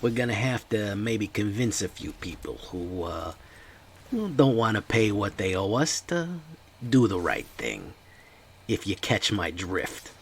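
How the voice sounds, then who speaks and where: Gruff mob boss guy looking for muscle, a man goofing it up, deep gravelly voice. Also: sing-song, a little slow, hardly any pauses, a bit bright, slight background noise, exaggerated voice. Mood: menacing. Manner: gruff tough-guy crime boss accent. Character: male mob boss recruiting muscle, menacing.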